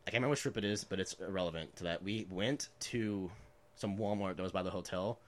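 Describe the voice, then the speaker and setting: A man's voice: low voice, fast. Rambling young man laughing through stories. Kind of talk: casual storytelling chat.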